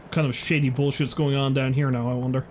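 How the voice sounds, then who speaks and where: A man's voice: mid-range voice, fairly even intonation, normal speed, darkish tone, slight background noise. A man streaming a game who tells a rambling story in a laid-back way and swears casually. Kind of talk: casual storytelling while gaming.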